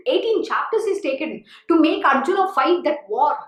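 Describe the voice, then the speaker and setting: A woman's voice: very high voice, expressive, normal speed, few pauses. A woman spiritual teacher giving a devotional discourse, earnest and exhorting, often saying "you know". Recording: echoey room.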